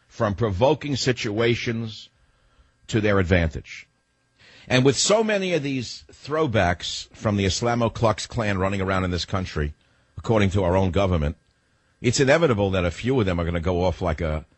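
A man's voice: low voice, breathy edge, no room sound. A male talk radio host delivering a heated, sarcastic monologue.

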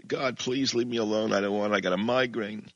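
A man voicing a reluctant, self-pitying Moses who complains in a high, whining voice. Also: fairly even intonation, a little fast, dry recording, muffled recording, natural voice. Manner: whining, high-pitched kvetching.

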